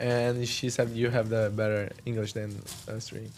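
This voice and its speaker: A man's voice: lowish voice, little pitch movement, normal speed, a loud crowd. A teenage boy with a Brazilian Portuguese accent, a hesitant exchange-student guest giving short answers. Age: teens.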